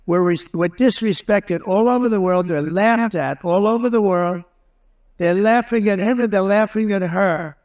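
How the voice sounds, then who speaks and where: A man with a raised, fairly high speaking voice works through a loose rally speech. He wanders from point to point, stacking repeated phrases. His tone stays combative and sure of itself. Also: normal speed, a little mellow. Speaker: political candidate.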